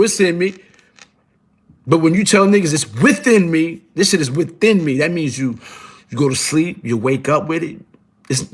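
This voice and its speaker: A man's voice: fairly high pitch, breathy edge. A middle-aged man talking casually on a live stream, rambling and repeating himself in profane street slang. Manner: rambling, repetitive, streetwise slang, frequent "you heard?"; profane and emphatic. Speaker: guest on a live show.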